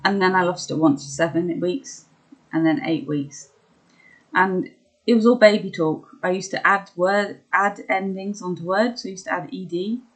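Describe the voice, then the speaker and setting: A young woman talking candidly about her own experiences, hesitant with many pauses and ums, laughing at herself at times. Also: on the low side, poor audio. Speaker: vlogger sharing her illness experience. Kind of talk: candid personal chat.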